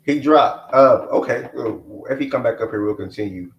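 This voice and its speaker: A man's voice: mid-range voice, normal speed, gravelly, reverberant, muffled recording. A man hosting a casual live sports chat stream, talking in a laid-back way full of slang. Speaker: host.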